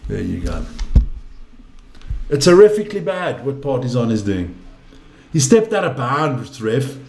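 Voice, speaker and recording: A man's voice: medium pitch, sing-song, a little slow, gravelly, darkish tone, slight background noise. Ranting man in an echoey room. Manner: exasperated, ranting, swears freely. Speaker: live-stream basketball commentator. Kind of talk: casual profane live commentary.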